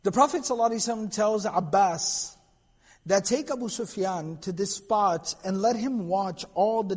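High-pitched husky male lecturer in hall. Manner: animated storytelling with Arabic quotations. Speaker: lecturer on Islamic history. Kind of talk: religious lecture storytelling. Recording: long hall reverb.

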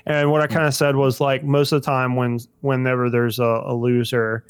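A man's voice: medium pitch, little pitch movement, normal speed, clear, resonant tone. A man hosting a casual podcast chat, rambling with lots of fillers and swearing. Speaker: podcast host.

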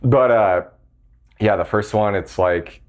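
Low-voiced young man, rambling guest, fillers everywhere. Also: slow pace. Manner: rambling, heavy use of filler "like". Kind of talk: casual chat.

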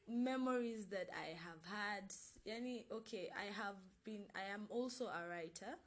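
Chatty young woman vlogging. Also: on the low side. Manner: chatty, repeats herself, frequent restarts. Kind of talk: casual to-camera chat.

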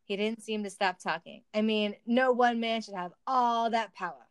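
A woman's voice: a little high, normal speed, clear, resonant tone, no room sound. A woman reading a silly story aloud for comedy, with wry asides and laughter. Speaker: reader of a fan story.

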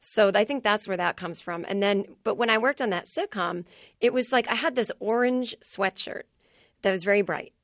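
A woman, a comedy writer, chatting as a podcast guest, telling stories fast with many "like"s and acted-out quotes. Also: medium pitch, a bit bright, no echo, clean studio sound. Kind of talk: casual podcast interview.

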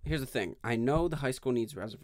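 A man's voice: medium pitch, fast talker, dry recording. Young man ranting on a podcast. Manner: rambling and profane, swinging between mumbles and loud outbursts. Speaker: podcast host. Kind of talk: casual solo podcast rant.

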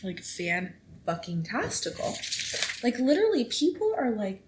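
A woman in her twenties hosting a casual solo podcast, chatty and animated, swearing freely as she tells stories. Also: fairly low pitch, a little slow, background noise. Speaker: podcast host. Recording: echoey room.

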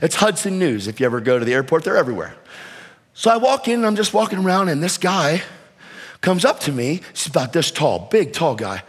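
A high-pitched male preacher delivering a fervent sermon, his voice ringing with a long hall reverb. He swings between shouted exhortations and quick, quieter storytelling, and his passion runs through every line. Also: very animated, breathy edge. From United States.

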